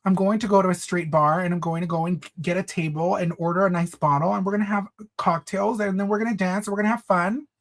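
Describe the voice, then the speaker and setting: A man's voice: high-pitched, steady tone, quick pace, few pauses. A man hosting a casual livestream, chatting with viewers in a sassy, campy way, calling them honey and girl and slipping into Spanish phrases. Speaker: livestream host.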